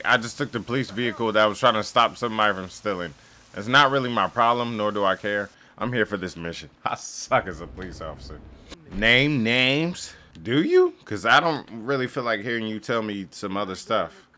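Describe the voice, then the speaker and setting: A young man giving sarcastic, jokey commentary while playing a game, often yelling at it. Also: lowish voice, lively intonation, normal speed. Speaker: gaming YouTuber. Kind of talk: casual gameplay commentary.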